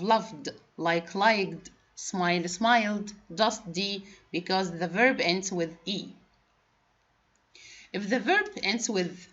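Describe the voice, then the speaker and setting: A woman whose first language is Arabic teaches English grammar in a patient classroom lesson, spelling out letters and rules one by one. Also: medium pitch. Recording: dull lo-fi recording.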